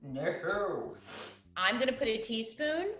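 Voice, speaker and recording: Brief: woman host of a homey cooking show, lively, bouncing pitch, chatty and playful, recorded in an echoey room with light music. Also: slow pace. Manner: chatty, playful, laughing often. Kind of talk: casual cooking demonstration over video call.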